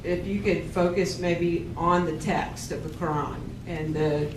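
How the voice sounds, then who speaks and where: A man's voice: on the high side, fairly even intonation, a little slow. A male debate moderator pressing a panelist with follow-up questions. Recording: distant, roomy with clear noise.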